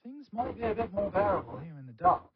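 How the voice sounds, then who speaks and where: A gloomy, sarcastic young loser. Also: male voice, high voice, big pitch swings, fast talker, crowd noise. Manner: sarcastic, muttering to himself. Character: gloomy self-loathing young man. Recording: dull lo-fi game audio over music.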